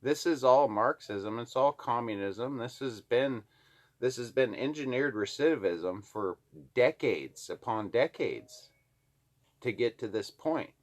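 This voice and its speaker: A vlogger from Alaska, USA, rants angrily to the camera about politics, swearing constantly. His mid-range voice has lively intonation, though he keeps a measured pace.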